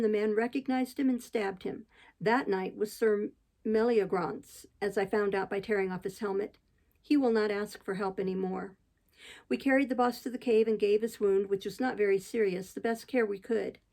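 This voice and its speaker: Gravelly-voiced woman reading aloud. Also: fairly high pitch, warm tone, rough recording. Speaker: audiobook reader. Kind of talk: audiobook narration.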